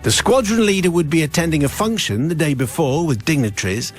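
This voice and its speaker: A middle-aged man hosts a radio show and reads a listener's letter aloud with lively storytelling. His voice sits a little high for a man. A faint music bed plays under him. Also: fairly quick. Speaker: radio host.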